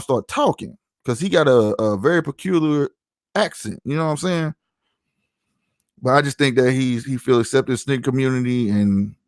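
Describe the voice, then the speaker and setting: St guy on a podcast, slangy storytelling, dry close sound, mid pitch. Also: dry recording. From St. Louis, USA. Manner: slangy, storytelling, lots of "you know what I'm saying". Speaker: podcast host. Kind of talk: casual podcast chat.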